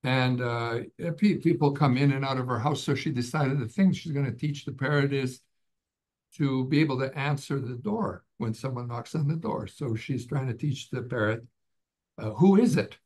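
A man's voice: medium pitch, fairly even intonation, normal speed, a little mellow. An older man, a podcast guest and author, genially telling a humorous story in casual chat.

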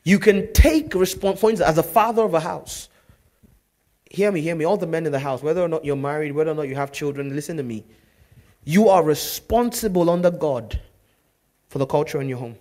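A man preaching a sermon as pastor, telling stories in a lively way that swings from loud to hushed. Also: a little high, fairly quick.

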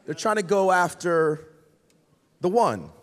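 A man's voice: sits high, big pitch swings, takes it slowly. A man preaching a casual, joking sermon in slangy talk, often saying "like" and stumbling over words. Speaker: guest pastor. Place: large church auditorium. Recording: long reverb in a large hall.

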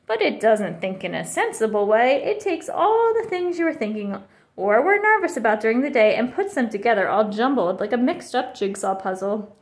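A woman voicing a gentle, patient mother bear who speaks softly and soothingly. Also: a little high, big pitch swings, moderate pace.

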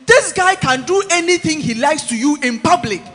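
Man, preacher, very high voice, long church reverb, animated, switches between English and Twi. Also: moderate pace. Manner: animated, mixing English with Twi, shouting and dropping low. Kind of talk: sermon.

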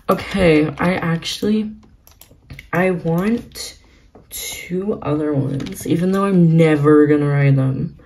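A young woman vlogging as she plays a video game, giggly and gushing, often breaking into excited exclamations. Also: sits low, takes it slowly, long pauses, poor audio. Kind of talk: excited gaming vlog commentary.

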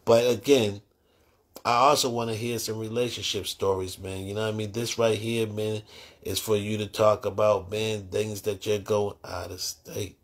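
A man with a Boston accent hosting a live call-in talk show, laid-back when asking questions and profane and excitable in loud, high bursts. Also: moderate pace. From Boston area. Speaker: host.

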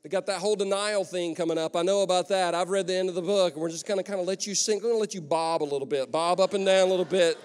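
A man's voice: high voice, fairly even intonation, fast, few pauses, a little mellow, close to an everyday voice. A man playing a laid-back, teasing Jesus as an aside in a sermon, with an offhand drawl. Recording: long echo of a church hall.

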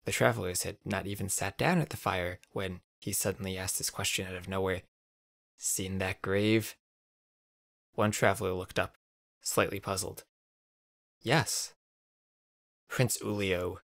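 A man narrating a scripted story in an even, measured read. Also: deep voice, vocal fry, no echo.

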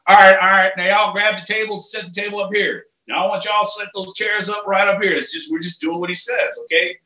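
A man's voice: high voice, steady tone, brisk, sharp tone, pitched above the performer's own voice. A man voicing a brash middle-aged recruiter with a put-on Southern US drawl who hands out orders. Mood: bossy. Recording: roomy echo.

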